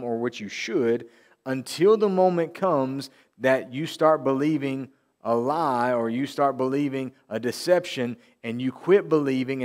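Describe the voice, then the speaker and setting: A man preaching a sermon in a church, repeating key phrases and reading scripture slowly for emphasis. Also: mid-range voice. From Tennessee. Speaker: pastor. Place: church sanctuary.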